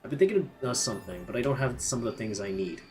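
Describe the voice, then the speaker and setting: Animated Canadian man streaming a game. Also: medium pitch, rapid-fire. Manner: chatty, self-mocking, lots of fillers. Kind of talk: casual gameplay commentary. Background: faint game music.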